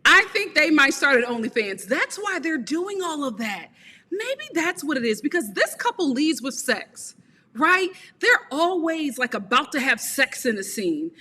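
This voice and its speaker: Blunt, sassy high-voiced woman. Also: sing-song, unhurried, sharp tone, in a large hall. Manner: blunt, sassy, laughs often. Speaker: reality TV reviewer. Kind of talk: live commentary review.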